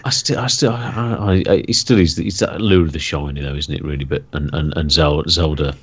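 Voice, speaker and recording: A man co-hosting a gaming podcast, talking in halting casual chat full of restarts. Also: rumbling low, husky. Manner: halting, many restarts and fillers. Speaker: podcast co-host.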